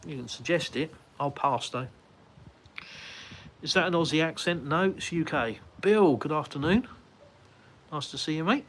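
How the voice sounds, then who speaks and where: A man's voice: a little high, expressive, moderate pace, long pauses, fairly bright tone. An English man hosting a casual live stream, answering viewer comments aloud as he walks around his house and out onto a windy terrace. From United Kingdom. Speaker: livestream host.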